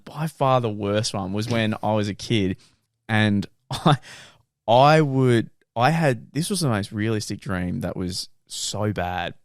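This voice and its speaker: A young man co-hosts a casual podcast and tells long, animated stories. His voice has a middle pitch that rises and falls widely. The sound is dry and close-miked. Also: normal speed, dry recording. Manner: animated storyteller. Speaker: podcast co-host. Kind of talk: casual chat.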